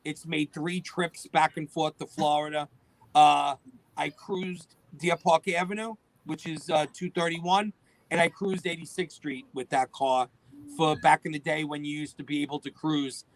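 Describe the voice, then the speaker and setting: A middle-aged man, a guest telling lively stories and acting out the dialogue. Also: on the high side, measured pace, dry recording, low-quality recording. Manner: animated storyteller acting out quoted dialogue. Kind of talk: storytelling interview.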